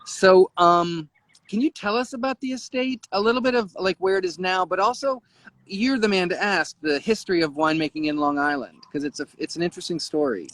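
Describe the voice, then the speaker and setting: A man's voice: high voice, a little fast, a bit bright, dry recording. A man hosting an online interview on a video call, asking loose questions full of fillers. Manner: casual, filler-heavy questions. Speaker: host.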